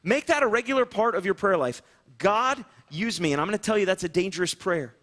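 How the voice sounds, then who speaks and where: A man's voice: high-pitched, animated, fast, a bit bright. A man pastor preaching a sermon to a church congregation and online viewers, with an earnest, repetitive pleading cadence. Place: church sanctuary, also streamed online.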